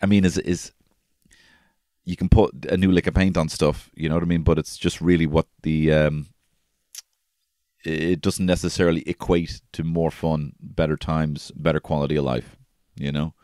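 A man's voice: extremely low pitch, little pitch movement, moderate pace, dark tone, dry recording, studio quality. A man in his thirties hosting a podcast, rambling and swearing as he tells casual stories from his life. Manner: rambling and profane, with frequent restarts. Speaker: podcast host. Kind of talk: casual solo podcast storytelling.

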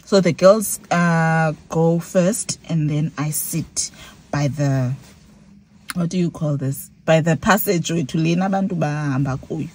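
Deep and a little mellow, this woman's voice moves a little slowly as she shares a story on her vlog. She's young, South African with a Xhosa accent, mixes English with Xhosa, and dramatizes how she reacted.

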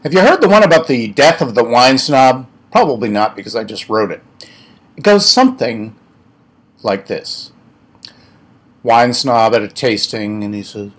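A man telling a joke as an audition, a deadpan storyteller with stand-up patter. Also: medium pitch, measured pace, breathy edge.

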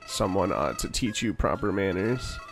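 Flowey, a man doing a monotone flower. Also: low-pitched, normal speed, soft background music, pitched below the performer's own voice. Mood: smug. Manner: flat monotone delivery. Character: smug male talking flower, fake-friendly. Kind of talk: game dialogue read aloud on a stream.

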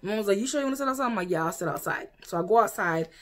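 A young woman from the United States telling a story to camera in a casual, animated way, acting out what other people said. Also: mid-range voice, rapid-fire. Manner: animated, quotes people in exaggerated voices. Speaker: vlogger.

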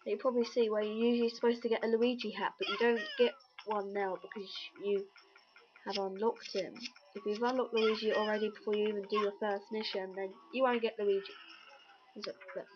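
A woman's voice: mid-range voice, level tone, brisk, noisy background. A woman giving casual, jokey, rambling let's-play commentary on a video game. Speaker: gameplay commentator. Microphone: webcam or computer mic. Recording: dull lo-fi recording with loud game music.

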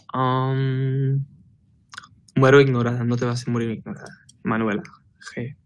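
Young guy chatting on a phone live, laid back, lots of ums, medium voice. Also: mid-range voice. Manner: relaxed, chatty, many fillers and restarts. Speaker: livestream host answering fan comments. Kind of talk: casual livestream chat, switching between Spanish and English.

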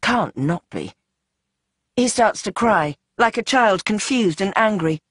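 An audiobook narrator reading in a tense, dramatic way, speeding up and slowing down with the action. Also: medium pitch, animated, fairly bright tone, dry recording, clean studio sound. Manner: tense, dramatic, shifting pace. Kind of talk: scripted narration.

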